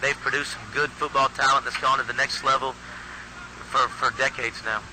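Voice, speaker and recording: A man's voice: mid-range voice, flat delivery, moderate pace, pushed and bright. Male announcer, easygoing play-by-play, noisy field audio, mid-range voice. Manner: folksy, chatty, restarts phrases often. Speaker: youth football play-by-play announcer. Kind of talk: live sports commentary. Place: outdoor football field. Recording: noisy outdoor field recording.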